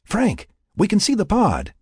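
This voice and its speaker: A man doing a frantic young woman yelling. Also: high voice, wildly swooping pitch, a little slow, slightly rough, no echo, clean studio sound, voice pushed up, exaggerated voice.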